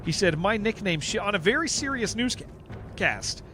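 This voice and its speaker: A man's voice: sits high, lively intonation, a little slow, pushed and bright, a little hiss or hum. A man live-streaming a game, chatting casually to viewers in a rambling way, often repeating himself and answering chat. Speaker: livestreamer playing an online game.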